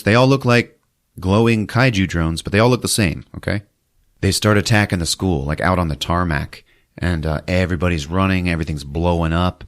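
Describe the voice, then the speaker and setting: A man with a very low voice hosts a comedy podcast, retelling a film's plot with loose, animated energy. He keeps breaking into squeaky put-on voices for the characters. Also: fairly quick. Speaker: podcast host recapping a movie. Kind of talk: comic movie recap.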